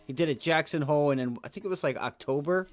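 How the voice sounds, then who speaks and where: A man with a somewhat high voice talks through live market commentary on his trading stream. His talk is loose and full of slang, and it often rises into loud, heated rants. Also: fast talker, soft background music. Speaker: day trading livestream host.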